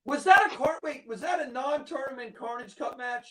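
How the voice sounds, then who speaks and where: A man hosting a relaxed interview, his voice pitched well above the usual for a man. He jumps in eagerly and agrees often, keeping the chat easy. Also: moderate pace, poor audio. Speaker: interview host. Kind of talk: casual chat.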